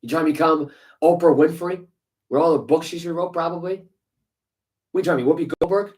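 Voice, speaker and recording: A man's voice: on the high side, a little fast, a little mellow, poor audio. Man ranting heatedly on a sports podcast. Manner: heated, profane ranting with sarcastic rhetorical questions. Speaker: podcast co-host. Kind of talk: casual sports podcast rant.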